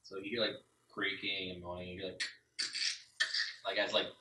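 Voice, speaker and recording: A man's voice: sits low, little pitch movement, moderate pace, pushed and bright, a little hiss or hum. A man narrating as a tabletop game master, rambling and full of filler words. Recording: roomy, from a distance.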